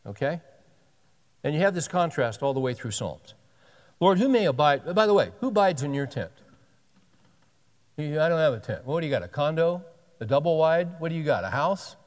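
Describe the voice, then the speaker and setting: With long hall reverb trailing his words, a pastor in his sixties reads scripture and breaks off for folksy jokes during his sermon. His voice is fairly high and darkish, swinging widely in pitch at a normal speed, with long pauses.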